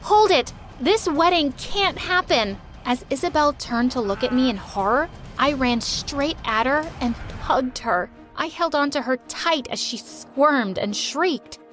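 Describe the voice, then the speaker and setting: A young woman with a high voice tells a dramatic first-person story, leaning emotionally into each turn of events. Light music runs quietly behind her. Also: measured pace, hardly any pauses. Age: young adult. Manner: expressive, emotional delivery.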